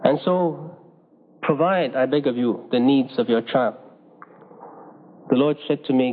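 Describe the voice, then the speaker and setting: A man's voice: medium pitch, measured pace, long pauses, slight background noise. A man preaching a sermon, telling personal stories in an earnest way and acting out the dialogue he quotes. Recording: phone-like with long hall reverb.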